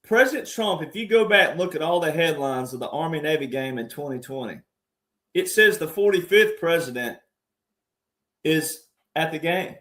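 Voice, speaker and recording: A man giving an emphatic commentary monologue, repeating himself and addressing the audience as ladies and gentlemen. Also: on the high side, lively intonation, normal speed. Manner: restarts and repeats words often. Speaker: guest commentator.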